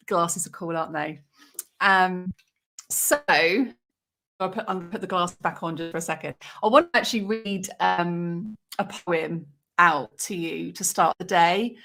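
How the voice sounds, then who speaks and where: A woman's voice: fairly low pitch, measured pace, fairly bright tone. Woman, forties, casual livestream host, chatty, emotional, greets viewers by name. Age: 40s. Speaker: author hosting a livestream.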